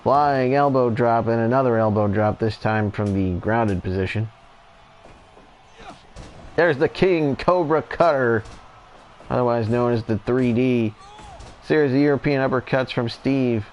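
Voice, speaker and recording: A man doing relaxed, chatty play-by-play commentary over a wrestling video game, going off on tangents now and then. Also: mid-range voice, muffled recording, slight background noise.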